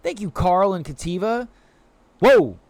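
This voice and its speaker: There's no echo on this man's somewhat high voice, which moves at a normal speed. Streaming a video game, he rambles animatedly to chat, stuffing in "like" fillers and cooing playfully at the creatures he sees.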